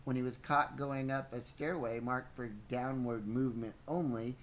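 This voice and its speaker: A man's voice: medium pitch, fairly even intonation, moderate pace, a little hiss or hum, low-quality recording. A man reading a book aloud on a podcast, stumbling now and then and breaking off for playful asides. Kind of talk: live book reading with banter.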